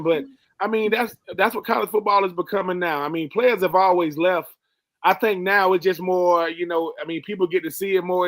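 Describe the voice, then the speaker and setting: A man's voice: high voice, a bit bright, no room sound. A man from Georgia with a Southern accent, giving plainspoken, casual opinions on football as a regular panelist. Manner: plainspoken, colloquial opinion talk. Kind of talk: casual sports talk.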